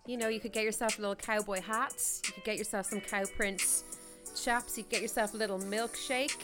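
A woman's voice: mid-range voice, fairly even intonation, brisk, music in the background. A woman co-hosting a podcast, giving playful, bawdy advice in casual chat. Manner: bawdy, playful, bursts into silly sing-along. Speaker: podcast co-host.

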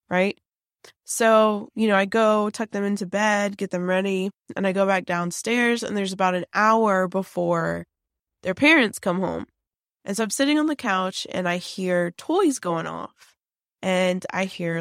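A woman's voice: medium pitch, moderate pace, dry recording, studio quality. A woman casually telling a creepy personal story, chatty and full of fillers and restarts.

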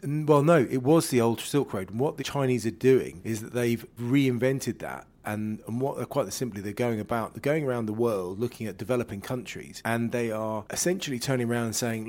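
A man's voice: mid-range voice, normal speed, few pauses, a little mellow. A man in a casual discussion, explaining at length, hedging and restarting his sentences.

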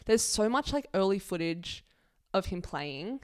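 Animated woman chatting on a podcast. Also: medium pitch, unhurried. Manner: animated, lively storytelling with quoted voices. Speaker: podcast co-host. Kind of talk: casual chat.

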